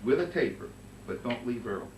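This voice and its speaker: A man teaching a conducting master class, giving brisk coaching commands and singing phrases in nonsense syllables. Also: mid-range voice, animated. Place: rehearsal room with band. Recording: roomy distant recording with noise.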